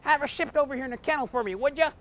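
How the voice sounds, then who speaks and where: A man's voice: very high-pitched, very fast, a bit bright, voice pushed up. A man doing a pleading talking dog.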